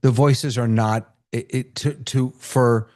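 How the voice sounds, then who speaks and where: A man hosting a casual video call, excitable, laughing often and restarting his sentences. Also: medium pitch, slow pace. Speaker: host of a video-call tech meetup. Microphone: computer mic on a video call.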